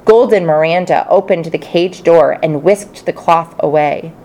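A woman narrating a children's storybook in the first person, expressive and playful. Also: on the low side, a little slow. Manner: expressive, playful character voices. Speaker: audiobook narrator.

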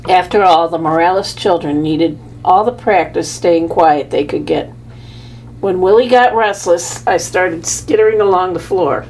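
Woman narrator, low voice, storybook reading, faint hum behind. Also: poor audio. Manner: measured, lively first-person telling. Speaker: audiobook narrator.

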